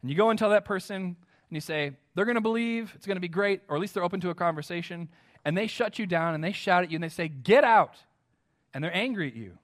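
A man with an American accent delivering a sermon in a fairly high voice. He preaches earnestly and with emphasis, often turning to his listeners with direct questions. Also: fast. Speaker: pastor.

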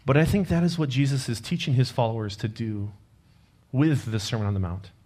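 A man's voice: medium pitch, brisk. A man preaching a sermon, telling a personal story in an earnest, conversational way and closing with a prayer. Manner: closes in quiet prayer.

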